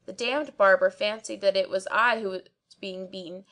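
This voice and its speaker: A woman narrating an audiobook of old tales in measured, storytelling delivery. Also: medium pitch, fairly even intonation, a bit bright. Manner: measured storytelling with archaic diction. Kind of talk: scripted narration.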